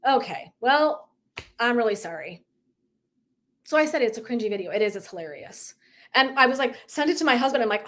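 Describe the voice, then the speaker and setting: A woman's voice: high-pitched, animated, brisk. A middle-aged woman wellness coach talking candidly in a casual live stream, swearing and laughing as she acts out her own thoughts.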